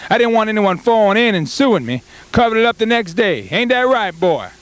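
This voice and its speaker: A man's voice: high-pitched, very animated, a little fast, dry recording. A man playing a boastful rural farmer in a comedy sketch, rambling and stumbling over his words. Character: boastful rural male farmer, middle-aged, folksy.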